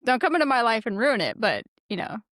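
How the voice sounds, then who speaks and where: A woman co-hosting a podcast, telling stories casually, profane and animated. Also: fairly high pitch, fast talker, dry recording, studio quality. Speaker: podcast co-host.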